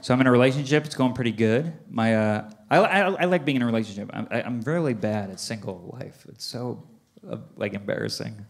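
Recorded live in a club as the audience laughs, a comedian spins lively stories and mimics family members in exaggerated voices. He speaks briskly in a mid-range voice with vocal fry.

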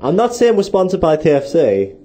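A man's voice: on the high side, wildly swooping pitch, brisk, warm tone, faint music behind. A young man co-hosting a student radio show, teasing and incredulous in casual banter. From Britain. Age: young adult. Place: radio studio.

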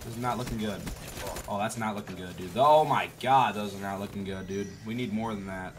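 A man giving profane, trash-talking commentary over a shooter game, with sudden loud outbursts. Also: on the low side, steady tone, fast talker, background noise. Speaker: gaming YouTuber. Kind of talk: gameplay commentary.

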